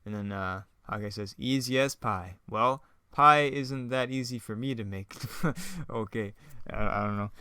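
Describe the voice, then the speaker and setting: A man's voice: lowish voice, animated, unhurried, bright, forceful tone, clean tone, no room sound. A man casually commenting on a script he once wrote, rambling, self-mocking and laughing often. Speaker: online video creator.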